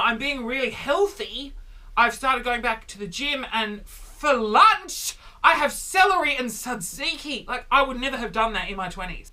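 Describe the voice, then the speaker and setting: A man in his thirties delivering a comedic vlog monologue, animated and exaggerated, with sudden loud exclamations. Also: high-pitched. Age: 30s. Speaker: vlogger.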